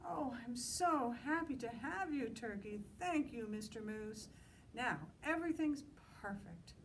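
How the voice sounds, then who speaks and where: A woman's voice: fairly high pitch, animated, unhurried, distant mic, a little hiss or hum, pitched above the performer's own voice, rough recording. A woman doing a cheery, motherly moose. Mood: delighted.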